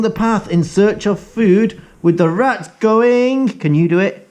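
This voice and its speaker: A middle-aged teacher reading a picture book aloud to young children, coaxing them to join in. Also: male voice, high-pitched, very animated, slow, hardly any pauses, a little mellow.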